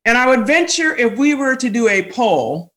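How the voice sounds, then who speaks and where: Bright-voiced woman telling stories animatedly. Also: fairly high pitch, normal speed. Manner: animated, laughs often, many fillers and restarts. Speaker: guest. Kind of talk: candid conversational storytelling.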